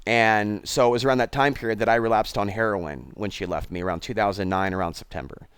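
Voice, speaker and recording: A man's voice: fairly low pitch, quick pace, fairly bright tone, clean tone, no room sound, clean studio sound. A man hosting his own channel, talking bluntly and digressively straight to his viewers. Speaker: channel host. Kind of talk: rambling commentary.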